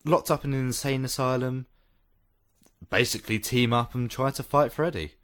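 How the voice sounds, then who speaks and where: A man co-hosting a podcast in casual chat, animated and joking, laughing often. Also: mid-range voice, normal speed. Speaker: podcast co-host.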